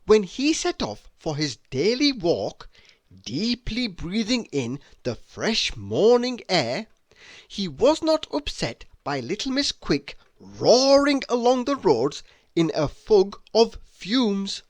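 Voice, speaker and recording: A man reading a children's picture book aloud in a slow, expressive storytelling voice. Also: sits high, no echo. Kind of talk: children's read-aloud narration.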